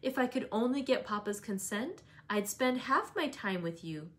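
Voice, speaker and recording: An impulsive young lady, voiced by a woman reading aloud, earnest and pert. She speaks in a raised voice and flares up quickly. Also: on the high side, expressive, a bit bright.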